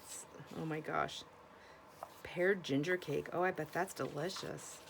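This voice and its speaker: A woman from Washington State with a notably low voice talks casually to her viewers about her finds. She rambles and restarts her sentences, breaking off to exclaim and gasp over each new find. A faint hiss of noise sits under her voice. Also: fairly even intonation, unhurried, gravelly. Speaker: vlogger showing thrift finds. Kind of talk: casual chat to camera.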